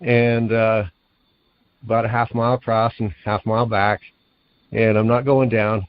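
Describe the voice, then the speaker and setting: A man, the guest author, telling a long story in an interview, animated and acting out the lines he quotes. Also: on the low side, measured pace, lo-fi sound.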